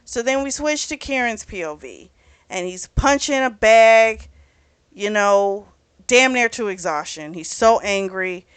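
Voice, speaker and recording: A woman's voice: medium pitch, lively intonation, measured pace, clear, resonant tone, no room sound. A woman host casually recapping a novel for a book club, talking in a chatty way and filling her retelling with "you know" and "he's like.".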